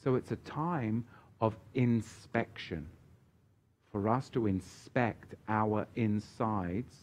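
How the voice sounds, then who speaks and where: A man's voice: fairly low pitch, takes it slowly, darkish tone. A man preaching as he answers viewer questions on a Bible Q&A livestream, emphatic and chatty, with joking asides. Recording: dull lo-fi stream audio.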